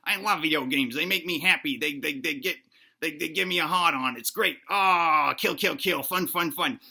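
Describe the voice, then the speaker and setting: A man's voice: fairly high pitch, normal speed, gravelly, sharp tone, breathy edge, heavily acted. A man voicing a crude, sulky young boy gamer in a whiny, dismissive way.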